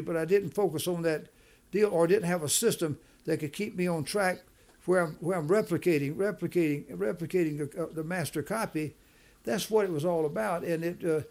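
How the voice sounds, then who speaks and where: A man's voice: sits high, a little fast, a little mellow. A man speaking as a business leader in an interview, emphatic, often repeating and restarting his words. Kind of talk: conversational interview.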